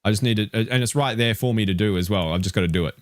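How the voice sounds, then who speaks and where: In a fairly low-pitched voice and at a fast clip, a retro gaming streamer reacts live to a game ranking. With no room sound on the recording, he swears and rants in disbelief, animated and exasperated.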